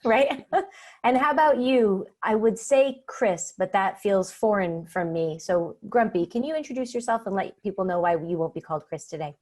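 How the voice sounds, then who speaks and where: A woman's voice: mid-range voice, expressive, normal speed, a little mellow. Woman, host, playful, joking, video call audio. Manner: playful and jokey. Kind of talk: casual video chat.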